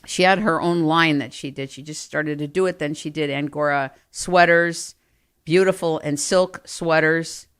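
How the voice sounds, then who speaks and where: A middle-aged woman telling family stories in an animated, self-mocking way, swinging from quiet asides to loud bursts. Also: low voice, a little slow, clear, resonant tone. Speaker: storyteller. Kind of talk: personal storytelling.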